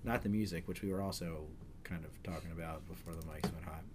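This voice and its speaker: A man's voice: low-pitched, fairly even intonation, fast talker, a little mellow, slight background noise. A middle-aged man hosting a podcast, chatting casually in a rambling way with frequent self-corrections and jokes. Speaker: podcast host. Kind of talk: casual chat.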